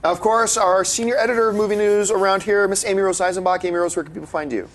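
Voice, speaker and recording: A man's voice: high voice, fast talker. A man hosting a movie talk show, telling an anecdote in casual chat and acting out the dialogue as he goes. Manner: animated, acts out dialogue in his anecdotes. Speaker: host.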